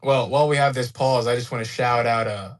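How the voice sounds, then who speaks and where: A man rattles off his lines fast in a smug, taunting voice. He is a guest in a streamed debate. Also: mid-range voice, fairly even intonation.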